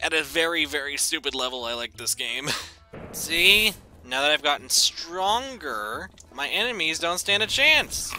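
A man giving goofy, excitable gameplay commentary, breaking into shouted bits. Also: fairly high pitch. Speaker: gaming YouTuber. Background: game music.

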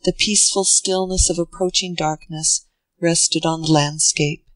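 A narrator reads a classic novel in a measured, even pace. The voice sits at a plain middle pitch, recorded dry and close with no room sound. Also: dry recording, poor audio. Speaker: audiobook narrator. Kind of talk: scripted narration.

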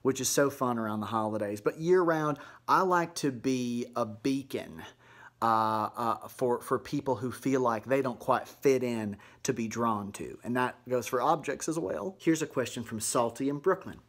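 A man performs a middle-aged mom who hosts her own cheerful vlog. Her voice is chirpy and folksy at an ordinary middle pitch. She delivers strange, dark asides in the same sweet deadpan tone as her everyday chat. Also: normal speed. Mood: chatty. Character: sugary Southern mom vlogger woman, middle-aged, eerie. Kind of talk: comedic vlog monologue to camera.

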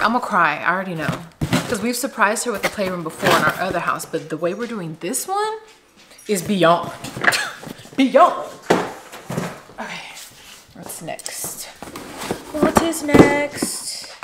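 Excitable young woman vlogging from home. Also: lowish voice. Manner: excitable, gushing, drops to a whisper at times. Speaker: vlogger and mom. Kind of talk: casual vlog chat. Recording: loud background noise.

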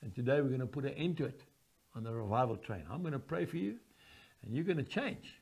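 An older man preaching a sermon, forceful and emphatic, swinging from booming declarations to hushed prayer. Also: expressive, fast, vocal fry, husky. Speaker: evangelist preacher.

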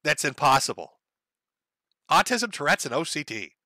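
A man's voice: fairly high pitch, sing-song, normal speed, pushed and bright, dry recording. A man hosting a show, giving crude, sarcastic commentary on online posts. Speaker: show host.

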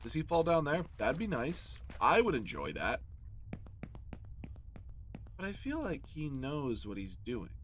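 Jumpy, lively gaming commentator man. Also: fairly high pitch, unhurried, pauses often, slight background noise. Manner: jokey, talks to the enemy, yelps when hit. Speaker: gaming channel host. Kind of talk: horror game let's play commentary.

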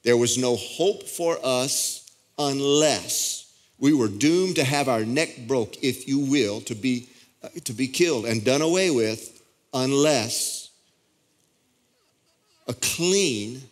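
A man preaching a sermon as pastor, folksy and emphatic, with loud bursts and repeated lines. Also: mid-range voice, slow.

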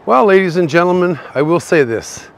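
A man from Canada, a bit tipsy, live-streams a walking tour outside on a city shopping street, rambling chattily to his chat viewers with a Canadian accent. His high voice is animated and creaky, and he talks a little fast.

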